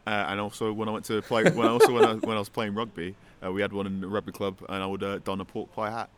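A man's voice: lowish voice, flat delivery, quick pace, a loud crowd. A man in his thirties from London, a podcast guest in a press box, speaking in a dry, rambling, self-deprecating way. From London, England. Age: 30s.

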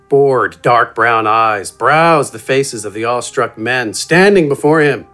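A man reads a fantasy tale aloud, his pitch rising and falling with lively range. His middling voice carries an expressive, playful storytelling manner. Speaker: narrator. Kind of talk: scripted fantasy story narration.

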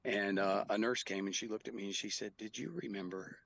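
A middle-aged man talks through a hard memory as an interview guest, earnest and halting. His voice sits very low with a gravelly fry and a husky edge. The sound is close and dry. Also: steady tone, a bit bright, dry recording. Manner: earnest, halting, with quoted dialogue. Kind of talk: personal storytelling in an interview.

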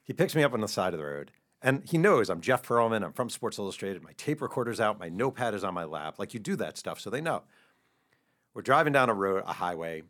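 In a relaxed interview, a middle-aged author guest speaks quickly in a deep, low voice. He tells his anecdotes with animation and laughs along with them.

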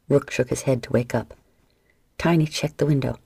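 A woman reading an audiobook as narrator in a steady, scripted way. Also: low voice, normal speed, creaky, husky, dry recording.

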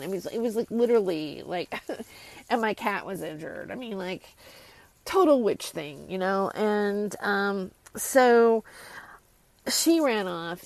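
A woman's voice: medium pitch, vocal fry, no echo, poor audio. A woman hosting her own channel, telling a long personal story in a rambling, casual way with many restarts and asides. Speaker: channel host. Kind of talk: casual monologue to camera.

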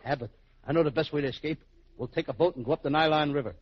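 A man's voice: on the high side, rapid-fire, slight background noise. A man playing the childlike, giggly wisecracking comic in a 1940s radio comedy duo, on a dull old broadcast recording.

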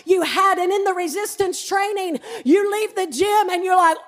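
A woman pastor delivers a sermon in a strikingly high voice. She mixes light personal storytelling with fervent stretches that climb into shouted declarations. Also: expressive, moderate pace, few pauses, soft background music.

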